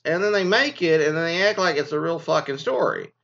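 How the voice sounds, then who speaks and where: A man's voice: high-pitched, a little fast, creaky, bright, forceful tone. A man hosting a casual commentary, reading news items and then ranting in a rambling, profane, exasperated way. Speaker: commentary host. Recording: dull lo-fi sound.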